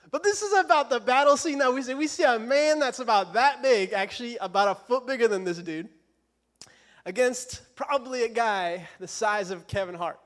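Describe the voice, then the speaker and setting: High-voiced young preacher, joking and casual. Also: male voice, a bit bright. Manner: casual, joking, self-deprecating. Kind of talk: casual youth sermon. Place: church.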